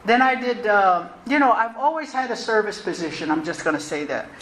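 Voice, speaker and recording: A woman, telling her personal recovery story to a meeting in a candid, conversational and animated way. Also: medium pitch, fairly quick. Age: 60s. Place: meeting hall. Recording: roomy hall, faint noise.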